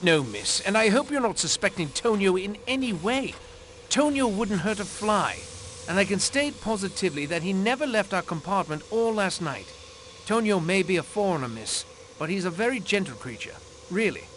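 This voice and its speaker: A man's voice: sits high, expressive, moderate pace, a bit bright, slight background noise. A man voicing a nervous, flustered passenger who stumbles and trails off in a mystery game. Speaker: passenger under questioning. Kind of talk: video game voice acting.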